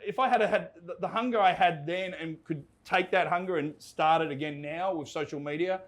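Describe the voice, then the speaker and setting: Animated Australian man telling stories. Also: a little high, brisk. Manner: animated, laughs while telling anecdotes, restarts sentences. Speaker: guest, entertainment reporter. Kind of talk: casual storytelling chat. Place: pub.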